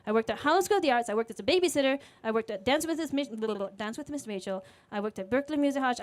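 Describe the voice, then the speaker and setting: A woman's voice: fairly high pitch, no echo. A woman, telling a personal story on stage at a live event in a candid, chatty way with fillers. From Singapore. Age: late 20s. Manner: conversational and candid, with fillers and voiced quotes. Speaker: speaker at a storytelling event, music teacher. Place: live speaker event before an audience.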